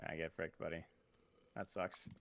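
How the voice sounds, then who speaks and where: A man's voice: rumbling low, level tone, moderate pace, fairly bright tone. A man from the United States chatting casually on a podcast over a headset, laid-back and often trailing off. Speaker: podcast guest.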